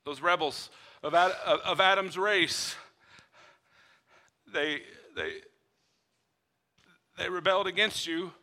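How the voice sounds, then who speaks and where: A preacher voicing a baffled angel who stammers incredulous questions about mercy. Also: male voice, high-pitched, takes it slowly, long pauses, pushed and bright, long reverb tail, full character voice.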